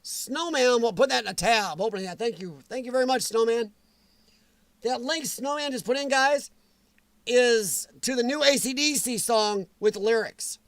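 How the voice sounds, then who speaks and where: A man hosting a casual livestream, answering viewers' comments in a chatty, animated way with frequent chuckles. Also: extremely high pitch, moderate pace, no echo. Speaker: livestream host.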